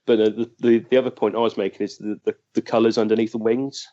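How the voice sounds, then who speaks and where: A man co-hosting a podcast, tossing in trivia and dry jokes. His voice is low. The recording sounds a little dull. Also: flat delivery, quick pace, mellow. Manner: joking, adds trivia. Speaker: podcast co-host. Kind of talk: casual podcast chat.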